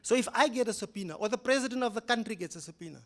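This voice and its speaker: High-voiced older South African man lecturing. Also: very fast. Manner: animated, swings between loud emphatic rises and quiet low asides. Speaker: judge giving a public lecture. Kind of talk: public lecture, storytelling. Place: lecture hall.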